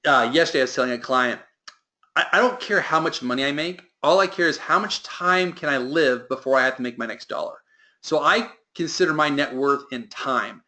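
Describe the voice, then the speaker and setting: A man's voice: on the high side, brisk, sharp tone. A man giving a motivational sales training talk to a team, with emphatic delivery that lifts and drops.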